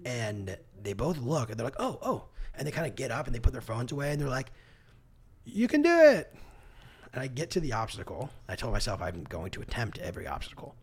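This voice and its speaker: A man co-hosting a podcast, telling a story in a casual, animated, self-deprecating way and laughing often. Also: mid-range voice, fast talker, hardly any pauses, husky. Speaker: podcast co-host. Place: podcast studio.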